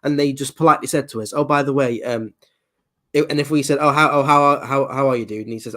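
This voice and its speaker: A man chatting casually on a stream, animated, swearing freely and acting out quoted voices. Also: a little high, quick pace. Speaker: nurse.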